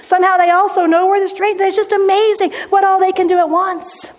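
An American woman pastor delivers a conversational sermon to her congregation in a church sanctuary, and the hall reverb is audible. Her voice is very high, her delivery flat, and her pace fairly quick.

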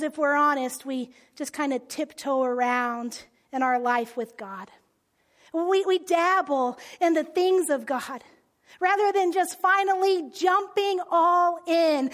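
A woman giving a conversational sermon in an animated way, often dropping to a soft near-whisper. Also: high-pitched. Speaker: speaker.

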